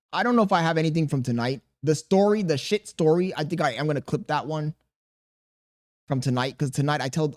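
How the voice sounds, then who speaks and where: A young man chatting casually on his livestream, reading chat aloud and talking slowly on purpose, with plenty of swearing. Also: on the high side, darkish tone. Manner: laid-back, deliberately slow storytelling, swearing, reading chat aloud. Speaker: streamer.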